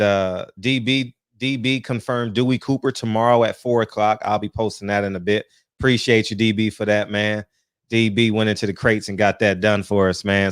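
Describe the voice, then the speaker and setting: A man's voice: fairly low pitch, clean tone, dry recording, clean studio sound. Laid-back man hosting a livestream. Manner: animated, laughing, peppers lines with "man". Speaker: host. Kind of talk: casual livestream chat. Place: home, just out of the shower.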